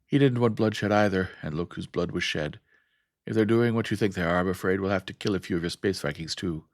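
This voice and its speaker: A man's voice: low-pitched, fairly quick, no echo, clean studio sound. A man doing a grave, troubled prince.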